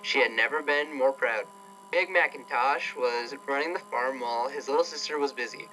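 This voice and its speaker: A man's voice: medium pitch, normal speed, sharp tone, slight background noise, rough recording. A man doing a comedic reading of fan fiction aloud, irreverent and swearing, often breaking off to laugh.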